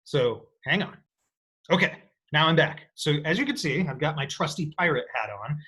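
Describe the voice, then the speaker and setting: A man teaching an economics lecture in an energetic, playful way, often checking in with his students. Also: fairly high pitch, moderate pace, slightly rough. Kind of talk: recorded lecture.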